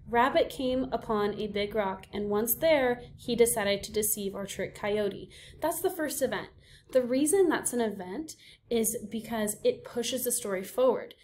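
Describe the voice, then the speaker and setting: A woman teaching a recorded reading lesson for young students. Her voice sits a little high, and she explains step by step in a patient way. She keeps checking in with her listeners. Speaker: elementary school teacher.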